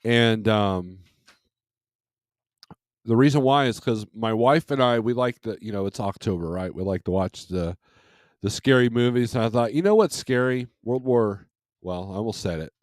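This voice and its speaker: Chuckling often, a man rambles easygoingly while hosting a casual home livestream through a desk microphone. His pitch sits fairly low, and the studio-quality recording has no room sound.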